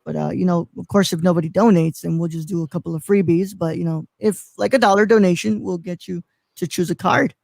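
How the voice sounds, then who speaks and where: A man's voice: high voice, fairly even intonation, a little fast, creaky, a little mellow, no echo. A man co-hosting a live stream, chatting casually and rambling with lots of fillers. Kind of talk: casual chat.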